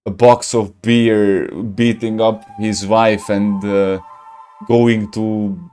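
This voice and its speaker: Guy streaming a game, talks slow, laughs a lot, rambles, faint music behind. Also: on the low side, a little mellow, clear, resonant tone. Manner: laughs often, rambling and joking, searches for words. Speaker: gaming streamer. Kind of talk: casual gameplay commentary.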